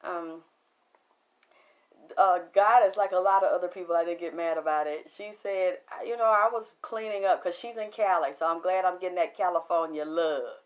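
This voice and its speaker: A middle-aged woman with a Southern accent from Atlanta, chatting on a livestream with a slightly low voice. She rambles through stories, laughs easily and answers her viewers' comments as they come in. Her talk is loose and animated. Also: normal speed, dull audio. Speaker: livestream host. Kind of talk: casual livestream chat.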